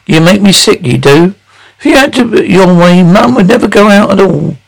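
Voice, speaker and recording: An actress playing a sharp-tongued young married daughter who cuts her father down scornfully. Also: mid-range voice, animated, moderate pace, vocal fry, breathy edge, rough recording. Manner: scornful, cutting.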